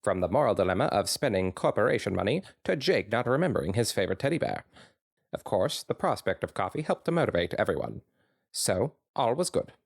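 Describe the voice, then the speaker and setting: Man reading fanfiction, deep and lively. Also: brisk, vocal fry, slightly rough, no echo, clean studio sound. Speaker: podcast co-host, reader.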